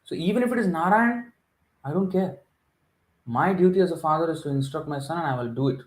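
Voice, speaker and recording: A man's voice: fairly high pitch, a little fast, roomy sound, low-quality recording. A man giving a devotional scripture class, reading and explaining in a reflective way, hesitant with many fillers. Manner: reflective, hesitant with many fillers, laughs at his own points.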